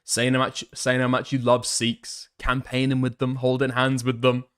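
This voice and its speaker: A man comments on clips in a loose, mocking tone at an ordinary mid pitch. He swears freely, laughs often, and piles on sarcasm as he reacts. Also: completely flat delivery, normal speed, fairly bright tone, clear, resonant tone. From United Kingdom. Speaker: commentary streamer.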